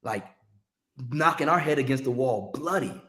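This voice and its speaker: A man, a longtime record promotion rep, telling stories in a casual interview in an animated, slangy way. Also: medium pitch, normal speed, echoey room. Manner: animated, slangy, restarts when excited.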